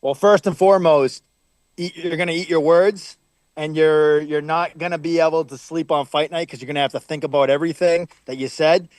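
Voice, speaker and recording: Boston-accented male fighter, brash and cocky, high-pitched for a man, dry studio sound. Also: steady tone, darkish tone, no room sound. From Boston area. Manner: brash, confident, fast talker. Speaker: pro fighter guest. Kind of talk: casual interview, trash talk.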